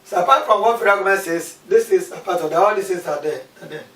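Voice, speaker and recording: In a classroom recorded from a distance, with echo and faint background noise, a maths teacher speaks fast in a high, fairly bright voice. He keeps repeating key terms and asking questions aloud.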